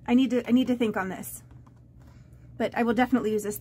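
A woman vlogger chatting to camera as she opens fan mail, halting and rambling with many fillers and restarts, gushing and easily moved. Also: a little high, steady tone, mellow, breathy edge. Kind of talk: casual unboxing chat to camera.

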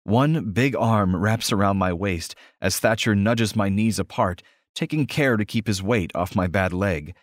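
A man narrating an audiobook romance in the first person with a steady, intimate reading. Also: fairly low pitch, measured pace, few pauses, dry recording, clean studio sound.

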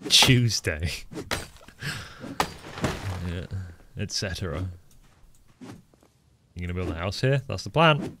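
A man's voice: deep voice, lively intonation, slow, long pauses. A man with an English Midlands accent chatting casually on a live game stream, rambling, answering chat and swearing offhandedly. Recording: noisy stream audio with mouse clicks.

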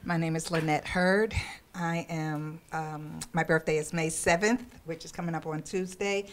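A woman in her sixties from New Jersey in the US, speaking softly and plainly. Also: deep voice, fairly even intonation, moderate pace. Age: 60s.

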